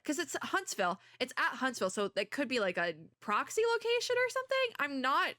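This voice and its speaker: A woman with a high voice and big pitch swings hosts a VTuber let's-play of a story game, reading the text aloud and wandering into asides, her voice a little worn from being sick. She talks briskly in a sharp tone, chatty and rambling, laughing often. The recording is studio quality with no echo.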